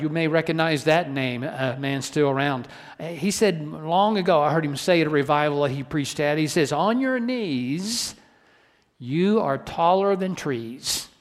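A man's voice: fairly high pitch, big-room sound. A pastor preaching a sermon in earnest, asking the congregation rhetorical questions and often restarting his sentences.

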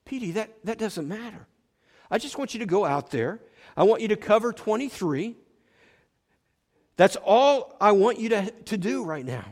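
A man voicing a calm, quietly encouraging male assistant football coach. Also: sits high, moderate pace, pauses often, pitched above the performer's own voice, heavily acted.

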